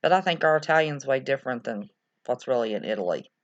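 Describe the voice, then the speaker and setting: A woman's voice: rumbling low, lively intonation, fast. A woman hosts a casual livestream, rambling and reacting aloud to viewer comments. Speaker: livestream host reading viewer chat. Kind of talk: casual live-stream chat. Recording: slightly dull lo-fi sound.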